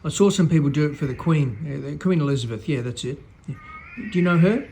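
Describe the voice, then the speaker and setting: A man's voice: a little high, expressive, a little fast, warm tone, a little hiss or hum, natural voice. A man doing an impression of a boastful president, rambling and repeating his brags. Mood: bragging. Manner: rambling, repetitive bragging.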